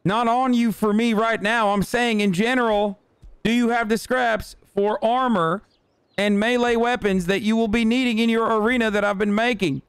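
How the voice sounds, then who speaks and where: Male streamer in his thirties, bantering in game roleplay: profane, joking, clear voice. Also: sits high, steady tone, normal speed, no echo. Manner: loose, profane, joking banter with filler words.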